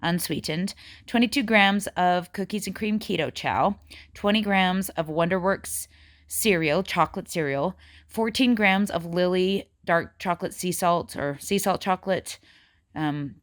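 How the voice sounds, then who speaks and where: A woman's voice: on the low side, a little slow. A woman in her forties chatting casually in a diet vlog, rambling as she lists out her meals. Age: 40s. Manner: chatty, rambling, counts out food amounts. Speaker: vlogger.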